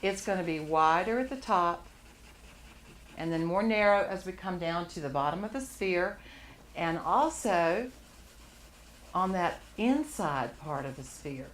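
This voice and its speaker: A woman's voice: lowish voice, animated, a little slow, long pauses. Woman art teacher walking a class thru charcoal drawing, upbeat, laughs a lot, faint room hum. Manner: encouraging, laughs often.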